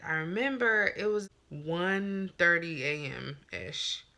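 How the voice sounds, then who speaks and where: A young woman vlogger casually telling a personal story to the camera, chatty and animated, acting out what people said. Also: lowish voice, slow.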